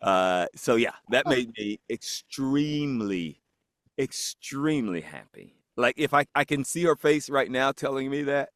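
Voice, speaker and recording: A man's voice: mid-range voice, normal speed, hardly any pauses, fairly bright tone, no room sound, clean studio sound. A man guest on a podcast, telling a story in casual chat and acting out the voices of the people in it, laughing often.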